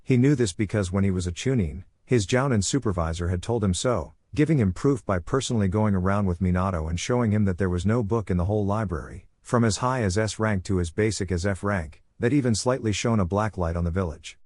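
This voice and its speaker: A man reading a fan fiction story aloud in a steady narration. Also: fairly low pitch, brisk, few pauses, no room sound.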